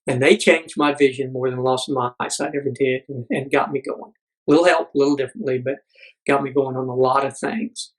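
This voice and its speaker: A man's voice: mid-range voice, fairly even intonation, fairly quick, poor audio. A middle-aged man, a podcast guest, telling a personal story earnestly, with frequent restarts and acted-out quotes. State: blind military veteran.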